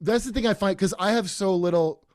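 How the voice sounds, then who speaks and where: A man hosting a podcast in casual chat, rambling and animated with many fillers and restarts. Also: high voice, brisk, no room sound, studio quality. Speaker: podcast host.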